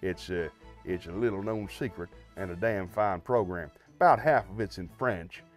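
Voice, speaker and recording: A man's voice: low-pitched, normal speed, faint music behind. A man hosting a livestream, chatting to viewers in a friendly, rambling way with many fillers. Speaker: livestream host. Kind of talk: casual chat to viewers.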